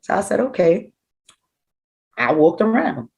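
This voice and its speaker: A middle-aged woman, a grieving mother recounting events in an interview, animated and acting out what people said. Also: lowish voice, measured pace, gravelly, low-quality recording. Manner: animated, acts out quoted dialogue. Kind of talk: emotional personal storytelling.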